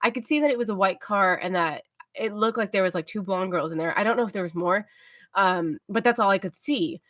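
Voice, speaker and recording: A tired young woman rambles through a story on her livestream, mellow and chatty, with lots of fillers. Her voice sits at an ordinary middle pitch and sounds dry and close, with little room sound. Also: a little fast, dry recording. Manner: rambling, filler-heavy, self-talking. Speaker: livestream host. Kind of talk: casual storytelling chat.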